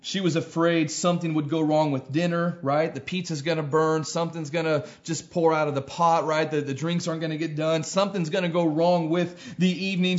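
A man's voice: on the high side, steady tone, normal speed, few pauses. A man preaching a sermon as pastor, earnest, repeating phrases and building to emphatic peaks. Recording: dull lo-fi sound.

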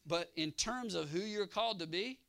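A man preaching a sermon in a high, bright voice. He swings between quiet, low-key storytelling and loud, ringing exhortation. He keeps drawing his congregation in with calls for an amen. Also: moderate pace, creaky.

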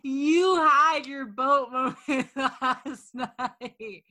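Co-host, woman, slow and drawn-out, bright voice, quick to laugh. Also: sits high. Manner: laughs often, short reactions. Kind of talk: casual chat.

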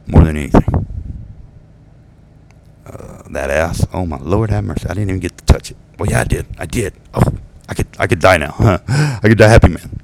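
Deep gravelly guy venting to the camera, cussing a lot, laughs at his own jokes, faint hiss behind. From United States. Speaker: vlogger venting about exes. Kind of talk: rambling profane monologue.

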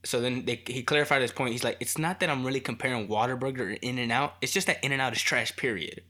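A man's voice: mid-range voice, fast, pushed and bright. A man co-hosting a casual podcast, rambling, swearing often and teasing his friend. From Texas. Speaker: podcast co-host. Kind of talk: casual chat.

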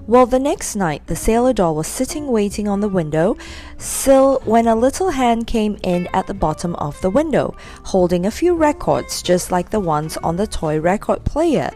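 A woman reading a children's story aloud in a lively, expressive way. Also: medium pitch, normal speed, soft background music.

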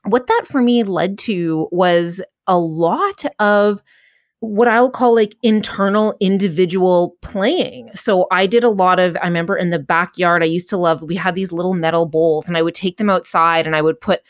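A woman's voice: on the low side, moderate pace, no echo, studio quality. Candid, self-mocking woman podcast host. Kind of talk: casual chat.

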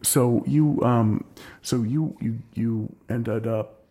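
Gravelly man hosting a chat. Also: mid-range voice, slow, mellow. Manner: hesitant, repeats himself while prompting. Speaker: host. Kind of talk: casual interview chat.

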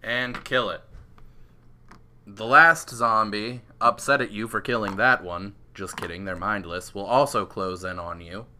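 Casual: guy running a d&d table, really bright sharp tone, laid back and chuckly. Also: on the low side, a little slow, slight background noise. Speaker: game master.

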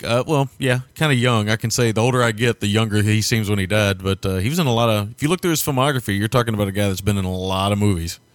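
Man, low voice, quick chatty delivery, dry close sound, film podcast co-host. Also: no room sound. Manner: quick, chatty, laughs often. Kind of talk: casual film discussion.

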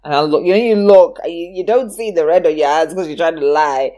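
A woman's voice: lowish voice, a little fast, mellow. A woman in casual chat telling a childhood story, acting out the voices of the people in it and laughing often.

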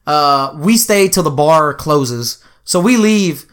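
A man's voice: a little high, lively intonation, slow pace, fairly bright tone, clear, resonant tone. A man hosting a podcast, telling a rambling, crude story with lots of fillers. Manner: crude, rambling, lots of fillers and "you know what I'm saying". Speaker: podcast host. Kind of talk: casual storytelling chat.

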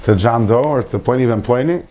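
In a mellow, mid-range voice at a fairly quick pace, a man gives a small group an informal Torah lesson. His manner is earnest, with repeated phrases and Hebrew terms mixed in.

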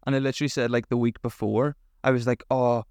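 A young man chats on a podcast, rambling through his stories with fillers and the odd swear. His voice is gravelly yet smooth and resonant, kept in a flat, even pitch. The sound is close and dry. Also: fast, dry recording. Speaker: podcast co-host. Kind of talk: casual chat.

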